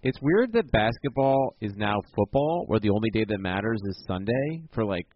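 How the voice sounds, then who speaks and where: A man's voice: fairly low pitch, expressive, normal speed. A man co-hosting a podcast in casual chat, laid-back and casually swearing. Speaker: podcast co-host. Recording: dull lo-fi sound with faint noise.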